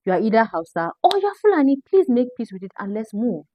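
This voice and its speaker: A woman's voice: on the high side, big pitch swings, quick pace, hardly any pauses, no room sound, dull audio. A woman from northern Nigeria with a Nigerian accent, giving emphatic social media commentary and repeating her points.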